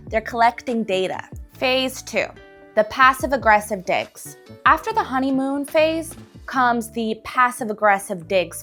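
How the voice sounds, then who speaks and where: A young woman casually telling stories to camera and acting out the voices of people in them. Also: on the high side. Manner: animated, acts out quoted voices. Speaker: relationship advice vlogger.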